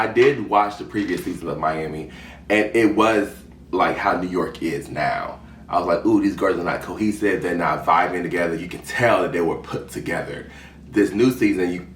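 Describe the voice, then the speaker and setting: A man giving casual, sassy reality TV commentary as a show host, with emphatic repetition and lively swings. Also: low voice. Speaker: podcast host. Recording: roomy echo, distant mic, faint hum.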